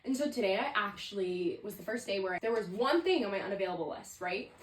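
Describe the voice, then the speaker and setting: A woman's voice: mid-range voice, expressive, fast talker, recorded from a distance. A woman in her twenties hosting a solo podcast, candid and chatty, with lots of "like" fillers. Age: 20s. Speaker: podcast host. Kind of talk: casual solo podcast monologue. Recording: roomy, set back from the mic.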